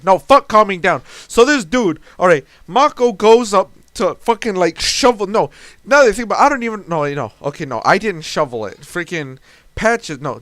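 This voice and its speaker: A young man with a high, smooth, resonant voice rants in exasperation about a tabletop game, swearing and restarting his sentences. He speaks slowly and deliberately, recorded dry and close at home. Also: fairly bright tone, no room sound. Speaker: storyteller recounting a tabletop game. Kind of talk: ranting storytelling monologue.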